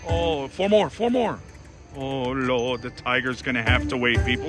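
A man giving excited live commentary as he plays slots in a casino, pleading with the machine and making dramatic exclamations. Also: medium pitch, unhurried. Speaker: slot machine vlogger. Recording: loud casino slot machine music behind. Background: slot machine music.

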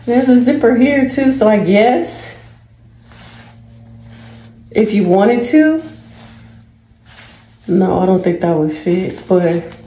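A woman's voice: medium pitch, animated, slow, pauses often, warm tone. A woman, chatting casually and rambling a little as she tries on jackets for a video haul, giggling at her own asides. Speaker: vlogger. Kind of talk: casual try-on haul chat. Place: home room at dusk. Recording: echoey room with faint ambient noise.

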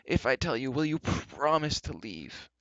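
A man voicing a whiny, cowardly male wizard who pleads and wails softly, on a dull lo-fi recording. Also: mid-range voice, big pitch swings, unhurried, no room sound, pitched above the performer's own voice. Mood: pleading. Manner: wailing, pleading, soft.

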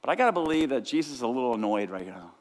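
A male pastor preaching a lively sermon, sometimes shouting out the lines of the people in his story. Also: medium pitch, very fast. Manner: energetic preaching, acts out disciples' cries. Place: church sanctuary. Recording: long church hall reverb.

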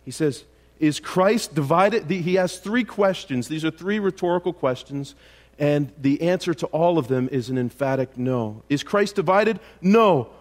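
A man's voice: on the high side, moderate pace, a little mellow. Man preaching an emphatic sermon. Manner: rises to emphatic rhetorical questions, with fillers and restarts. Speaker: pastor. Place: church.

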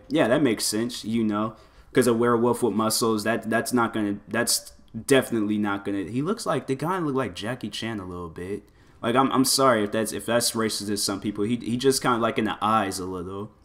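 A man giving loose, excitable commentary over his fighting-game play, full of exclamations and filler words. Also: medium pitch. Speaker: gameplay commentator. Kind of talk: casual gameplay commentary.

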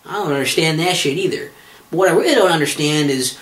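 A man's voice: on the high side, quick pace, a bit bright. A man hosting a podcast, rambling through a comedic monologue with lots of swearing, fillers and restarts. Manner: profane, exasperated, many fillers and restarts. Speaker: podcast host. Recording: roomy echo.

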